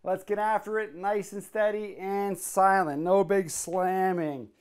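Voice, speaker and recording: A man's voice: high-pitched, fairly even intonation, measured pace, clean tone. Breathless man coaching a workout. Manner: coaching cues, counting reps between efforts. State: out of breath during sets. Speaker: fitness coach. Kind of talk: workout instruction while exercising.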